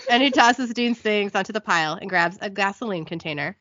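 A woman's voice: mid-range voice, moderate pace, dry recording, lo-fi sound. A woman hosting a casual podcast, giggling as she retells a TV episode. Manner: lively, giggly storytelling. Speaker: podcast host recapping a TV episode. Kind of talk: casual recap chat.

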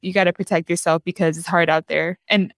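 Emphatic, chatty young woman, lower voice. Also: fairly even intonation, a little fast, vocal fry, no room sound, clean studio sound. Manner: emphatic, chatty, calls her guest girl. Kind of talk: casual chat.

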